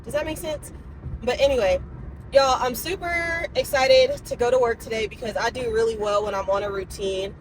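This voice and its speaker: A woman in her twenties vlogs on her phone while running errands, chatting casually and expressively straight to her viewers. Her voice is a little high and her pace normal, though the audio is poor with slight background noise.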